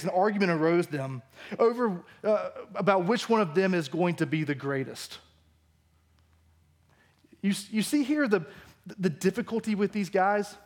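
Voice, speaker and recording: High-voiced, animated preacher man. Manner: animated, acts out the disciples' lines. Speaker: pastor. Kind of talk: sermon.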